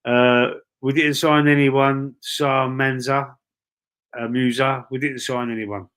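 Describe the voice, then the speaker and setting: A Cockney man from the East End chats his way through a live stream, reading messages from viewers. He talks loosely and swears often, calling everyone bro and mate. His voice sits at an ordinary, middle pitch. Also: flat delivery, takes it slowly, fairly bright tone, clean tone. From East London, England. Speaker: livestream host reading chat. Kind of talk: casual live-stream chat.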